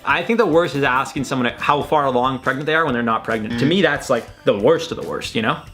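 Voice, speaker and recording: A young man with a medium-pitched voice talks quickly at his computer's desk mic, faint music playing behind him. Hosting a tweet-reaction video from his room, he's animated and loose, rambling, swearing, and laughing at his own jokes in casual reaction commentary.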